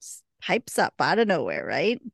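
A woman at mid pitch with a creaky, gravelly edge to her voice. She co-hosts a podcast and recaps an episode in an eager, chatty way, full of "like" and "right?". The sound is close and dry, with no room around it. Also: huge pitch swings, normal speed, no room sound. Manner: enthusiastic, retelling scenes with many fillers. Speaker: podcast co-host. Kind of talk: casual episode recap chat.

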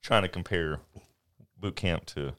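A middle-aged man with a very deep, low voice, chatting casually. He tells stories with animation and laughs often along the way. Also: measured pace, a bit bright, clean tone. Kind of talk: casual chat.

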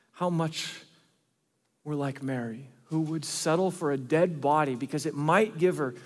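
A man preaching a sermon as pastor, earnest, shifting between loud emphasis and hushed asides. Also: fairly high pitch. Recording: long reverb of a large hall.

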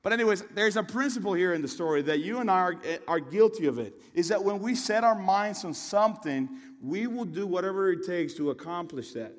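A young man giving a sermon in a relaxed, storytelling way, often restarting his sentences and adding asides. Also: high-pitched, a little fast, hardly any pauses, in a large hall. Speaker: preacher.

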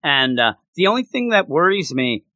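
A man hosting a casual comic book podcast, his voice pitched slightly above the usual male range. He sounds dry and close to the mic, with no room around him. He gushes with excitement and keeps restarting his sentences. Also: normal speed, dry recording. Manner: excitable, gushing, frequent restarts.

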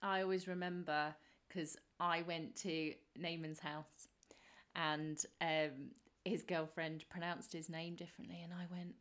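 A woman's voice: on the low side, little pitch movement, a little slow, a bit bright. Earnest woman podcast co-host. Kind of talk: casual podcast chat.

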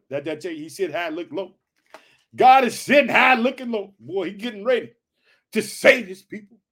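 A man reading scripture aloud and breaking off into fervent, exclamatory preaching, swinging between loud bursts and soft asides. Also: sits high. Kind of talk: Bible reading with fervent commentary.

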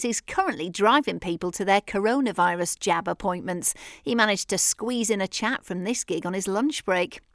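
Female podcast host, bright, laughs readily, dry close mic. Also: medium pitch, no room sound. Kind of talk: interview chat.

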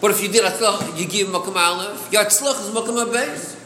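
A man's voice: high voice, fast talker, sharp tone. Man teaching in an echoey hall. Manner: explains with rhetorical questions, mixes Hebrew terms into English. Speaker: Torah teacher. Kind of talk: chassidic text study. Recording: echoey room with long reverb, faint noise.

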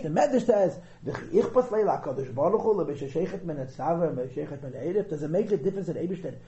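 A man teaching a Chassidus class to regulars, lively and thinking aloud as he explains, stressing key words. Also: sits high. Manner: thinks aloud, hedges and restarts often. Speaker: Torah teacher. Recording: echoey room.

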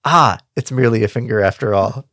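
A man's voice: medium pitch, a little fast, a bit bright, dry recording, studio quality, natural voice. A man reading aloud as an impish male dwarf jester who talks in riddles and puns, playful and mocking.

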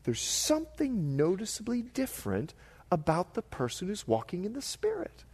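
Animated preaching man, lively pitch. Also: normal speed, breathy edge, in a large hall. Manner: animated, jokey storytelling with put-on voices. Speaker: pastor. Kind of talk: sermon.

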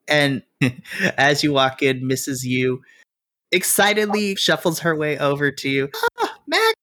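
A man's voice: a little high, sharp tone, no echo, studio quality. A man narrating as game master, chatty, with frequent laughs and filler words.

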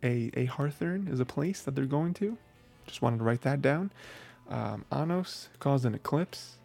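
Male host, mid-pitched, with some fry; chatty, excitable recap delivery. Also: unhurried, soft background music. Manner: rambling, heavy on filler phrases, excitable. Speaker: podcast host. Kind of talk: casual anime episode recap.

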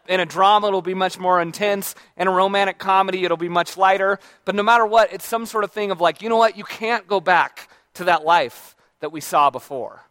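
A man giving an informal talk to a live audience, speaking conversationally with plenty of fillers and restarts, and pausing to ask the audience questions. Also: sits high, a bit bright, dry recording. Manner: checks in with the audience by asking questions. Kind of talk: informal lecture.

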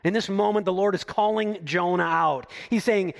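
A man preaching a sermon, reading scripture aloud and explaining it, swinging from loud emphatic lines to hushed low asides. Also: steady tone, normal speed, creaky, few pauses. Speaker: pastor.

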